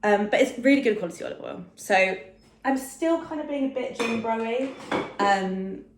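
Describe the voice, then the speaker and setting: A woman's voice: a little high, moderate pace, background noise. A young woman in her twenties casually chatting to camera in a food vlog, self-deprecating and full of fillers. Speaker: food vlogger. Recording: echoey home room.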